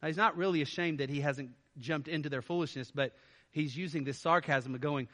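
A man preaching a sermon as pastor, animated and quick with sarcastic asides and laughter. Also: on the high side. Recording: church hall reverb.

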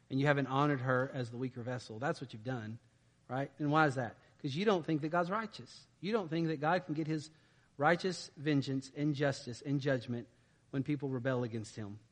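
A man's voice: medium pitch, fairly bright tone, big-room sound. A man preaching a conversational sermon, informal and often checking in with "right?". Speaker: pastor.

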